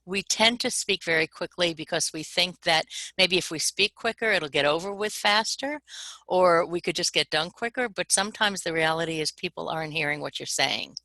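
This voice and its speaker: A woman's voice: lowish voice, moderate pace, bright, forceful tone, no echo, poor audio. A woman co-presenting a webinar workshop, talking in a demonstrative way and acting out voice examples for her audience.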